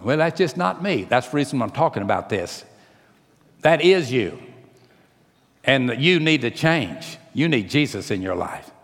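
A preacher delivers his sermon with a gravelly edge to his voice. He surges into loud, quick, emphatic runs, then drops to slow and quiet. His words ring out with the long reverb of a church hall. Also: medium pitch, big pitch swings. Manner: rising to emphatic, rapid bursts then slowing to quiet, drawn-out phrases.

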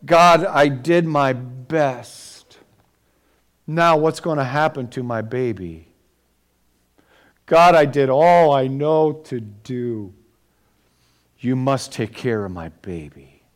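Desperate mother praying under her breath, put on by a male preacher; keep it gentle and earnest. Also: sits high, normal speed. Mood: whispered prayer. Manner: pleading, soft and earnest. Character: anxious Hebrew mother coaxing her young daughter.

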